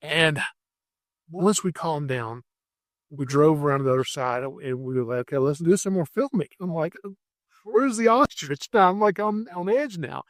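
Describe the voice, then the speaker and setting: A man hosting a podcast, telling rambling, animated stories about catching animals in a casual way. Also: a little high, normal speed, no room sound, clean studio sound. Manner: animated, rambling anecdotes with restarts. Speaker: podcast host, wildlife catcher. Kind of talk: casual storytelling.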